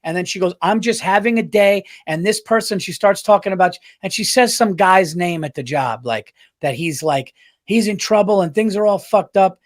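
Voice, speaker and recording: High-ish voiced guy, podcast co-host, telling a story, lots of swearing. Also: normal speed. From United States. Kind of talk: casual chat.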